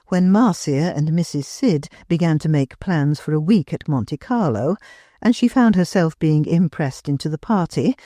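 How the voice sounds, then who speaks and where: A woman narrating a classic novel as an audiobook reader, expressive and unhurried. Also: low voice, no echo, clean studio sound. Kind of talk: scripted literary narration.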